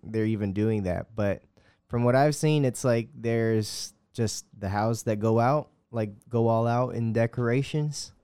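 Easygoing man with a smooth, clear voice. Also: mid-range voice, a little slow, dark tone, dry recording, clean studio sound. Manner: easygoing, hesitant with ums. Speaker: podcast co-host. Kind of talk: casual chat.

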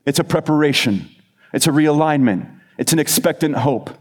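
A man preaching a sermon, building emphatic lists and slowing on key phrases. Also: expressive. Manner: lowers to a quiet, soft voice in the closing appeal. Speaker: pastor.

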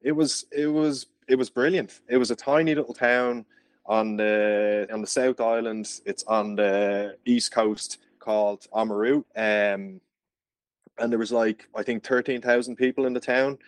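A man's voice: medium pitch, steady tone, a little slow, clear, resonant tone. An Irish man from Ireland, a podcast guest, telling stories in casual chat and laughing often. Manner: chatty storyteller, laughs often.

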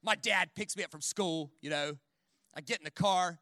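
A man preaching a sermon in a church in an animated, conversational way, full of jokes and quick "right?" asides. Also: a little high, no room sound, clean studio sound. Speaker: guest preacher. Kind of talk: sermon with storytelling.

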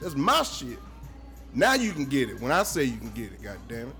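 A man speaking as a guest photographer in casual podcast chat, animated and swearing freely. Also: mid-range voice, fairly quick, faint music behind.

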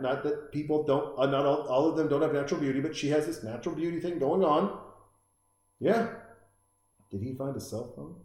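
A young man talks his way through a horror film in casual commentary, jumping between excited outbursts and side chatter. He calls out to the characters on screen as if they could hear him. His voice sounds mid-pitched and bounces around a very echoey room. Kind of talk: casual live film commentary while drinking beer.

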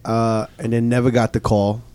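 A man hosting a casual podcast, tossing out joking questions and quick reactions. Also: medium pitch, little pitch movement, a little mellow, smooth. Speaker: podcast host. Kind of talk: casual interview chat.

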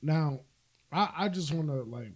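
A man's voice: on the high side, animated, unhurried, darkish tone. A man co-hosting a casual podcast chat, blunt and profane, laughing easily. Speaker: podcast co-host.

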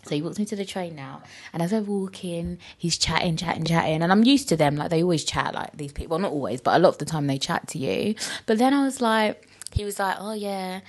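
A young woman telling stories casually on a podcast, animated and full of "like" and swearing. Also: fast. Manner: chatty, animated, frequent "like" and swearing; acts out quoted people in high squeaky voices. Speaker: podcast host. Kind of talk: casual storytelling chat.

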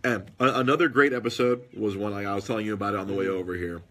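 A man telling stories in casual podcast chat, animated, with husky tone. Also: fairly low pitch, rapid-fire. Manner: animated storytelling with put-on quoted voices.

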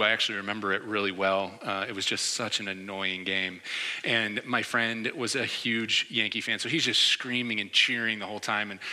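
A man in his forties from New York preaching a sermon, telling a lively personal story and acting out the reactions he quotes. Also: fairly low pitch, long reverb tail. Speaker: pastor.

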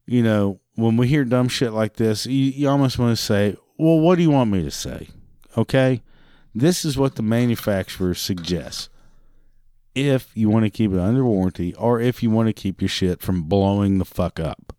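An exasperated man tells a story as a rant, swearing freely and mocking with sarcasm. His voice is low and dark, and the sound is dry and close with no room around it. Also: normal speed, clear, resonant tone, dry recording. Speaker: customer service worker.

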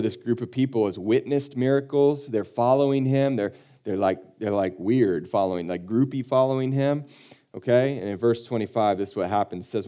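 Mellow-voiced man preaching casually. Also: on the low side. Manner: conversational, joking asides, acts out quotes. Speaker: pastor. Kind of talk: casual expository sermon.

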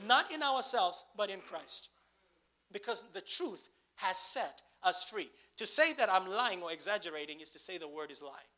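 A man's voice: sits high, animated, moderate pace, sharp tone. A man preaching a sermon, asking the congregation questions and building to emphatic bursts.

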